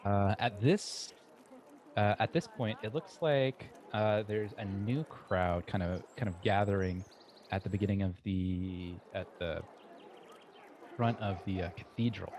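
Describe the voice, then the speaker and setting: A man runs a tabletop game, narrating scenes and asking the players what they do. He pauses often and restarts his sentences. His voice is low, with faint noise behind it. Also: darkish tone. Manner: halting, lots of "uh" and restarts while describing scenes. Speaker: game master.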